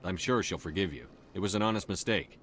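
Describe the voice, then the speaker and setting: A man voicing a brisk, no-nonsense commander. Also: low voice, lightly acted. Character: steady human military commander.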